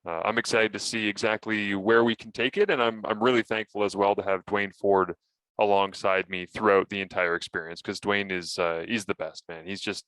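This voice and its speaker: Low-voiced man telling sports podcast stories. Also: normal speed, clean tone, no room sound. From Canada. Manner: animated storytelling, acts out his own broadcast lines. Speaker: podcast co-host and broadcaster. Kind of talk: casual sports podcast chat.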